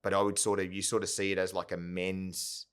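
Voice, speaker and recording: A man's voice: low-pitched, flat delivery, a little fast, clean tone. A man, a company founder telling his story in a casual interview, often checking in with "yeah?" and "right?". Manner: rambling, full of "yeah?" and "right?" tags. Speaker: podcast guest, company founder.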